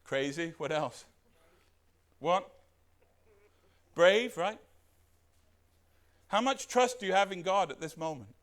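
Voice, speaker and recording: A man preaching a sermon as pastor, animated and putting questions to the congregation. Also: sits high, slow, pauses often.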